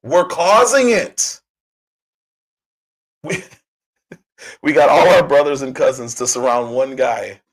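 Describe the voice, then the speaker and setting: Husky hoarse man ranting on a livestream. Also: mid-range voice, takes it slowly, pauses often, low-quality recording. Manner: heated, rhetorical questions, frequent fillers and restarts. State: hoarse from a cold, coughing. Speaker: livestream host. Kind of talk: political commentary livestream.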